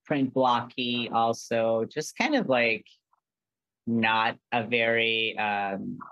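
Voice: mid-range voice, takes it slowly, a bit bright, no room sound, muffled recording. Earnest rambling guest, dry close sound. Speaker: guest artist. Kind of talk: casual interview chat.

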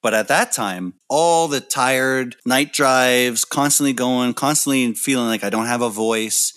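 A man in his thirties, a musician telling stories in a casual interview, lively and acting out the people he quotes. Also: medium pitch, a little slow, clean tone, dry recording. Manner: animated storyteller, acts out quoted voices. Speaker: musician guest.

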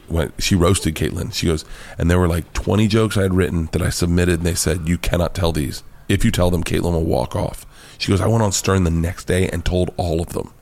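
A man with an American accent, a comedian guest telling animated, profane stories in an interview and acting out quoted voices. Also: sits low, gravelly. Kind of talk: storytelling interview chat.

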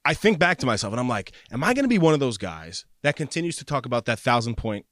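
A lively, expressive podcast co-host. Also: male voice, medium pitch, fast, dry recording, clean studio sound. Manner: lively, laughs easily, reflective. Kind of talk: casual chat.

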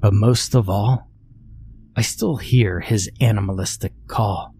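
A man narrating a horror story in a measured, deadpan way. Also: fairly low pitch, slight background noise.

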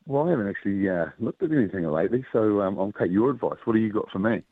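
A man's voice: fairly low pitch, lively intonation, rapid-fire, slightly rough, no room sound, narrow, tinny audio. A man phoning in to a radio quiz, laid-back with short answers. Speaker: caller. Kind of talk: phone-in chat.

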